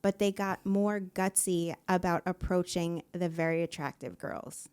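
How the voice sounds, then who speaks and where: A woman co-host plainly explaining a news story. Her voice is fairly low and smooth. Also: fairly even intonation, a little slow, darkish tone. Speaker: podcast co-host. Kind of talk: casual chat, reading news stories.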